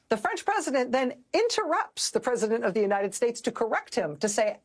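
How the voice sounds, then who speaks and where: A woman's voice: on the high side, sing-song, fairly quick, few pauses, breathy edge. A middle-aged woman hosting a news show, delivering sardonic, incredulous commentary.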